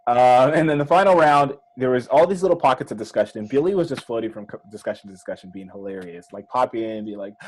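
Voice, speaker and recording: A man co-hosting a casual podcast, explaining in a measured way and often trailing off lower. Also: animated, poor audio. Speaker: podcast co-host. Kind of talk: casual recap chat.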